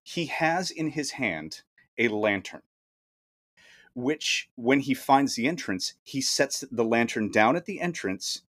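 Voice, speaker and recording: A man's voice: medium pitch, very animated, takes it slowly, a bit bright. A man co-hosts a casual movie podcast, talking through a film from his notes. He has a middling voice and sounds baffled and incredulous, picking apart every odd scene. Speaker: podcast co-host. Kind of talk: casual movie-riffing chat.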